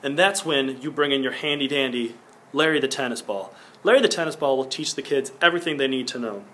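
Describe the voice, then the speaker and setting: His mid-range voice sounds pushed and bright, running a little fast. Earnest and instructive, the young man teaches a singing lesson as a school project, walking through every point and occasionally singing a brief vowel as an example.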